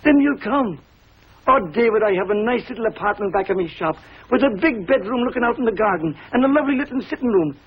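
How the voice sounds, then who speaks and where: An actor playing a lonely, warm-hearted older Irish tailor, with a husky voice and a lilting Irish brogue. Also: male voice, high voice, animated, fast talker. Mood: wistful, coaxing. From Ireland. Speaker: visiting cousin, a tailor. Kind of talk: 1950s TV sitcom acting. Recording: dull lo-fi 1950s TV audio.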